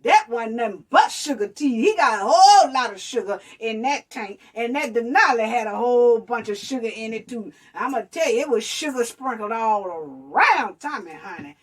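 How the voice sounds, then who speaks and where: Sassy woman vlogger, raised pitch, recorded a little back from the mic. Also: lively intonation, normal speed, hardly any pauses, slightly rough, far from the mic. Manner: sassy, addresses viewers as honey and baby. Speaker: commentary vlogger. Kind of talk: casual reaction commentary.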